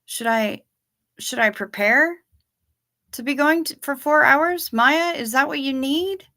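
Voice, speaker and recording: A woman with a bright, clear tone talks casually to her viewers from her chair at home. She rambles along and often trails off. She is a little sleepy and keeps yawning. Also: high-pitched, unhurried. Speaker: livestream host. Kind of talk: casual livestream chat with viewers.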